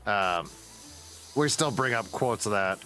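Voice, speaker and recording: A man's voice: fairly low pitch, animated, slow pace, bright, forceful tone, soft background music. A man chatting casually while playing a game, rambling and swearing freely. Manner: rambling, profane, laughs at his own stories. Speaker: gaming streamer. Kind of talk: casual gameplay commentary.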